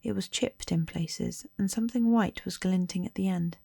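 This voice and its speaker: A woman reads a story softly and slowly, often dropping into a whisper, in ASMR style. Her voice is low, dark and gravelly. The sound is dry and close. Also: fairly even intonation, dry recording. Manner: soft, slow, partly whispered. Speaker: storybook reader. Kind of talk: soft ASMR storybook reading.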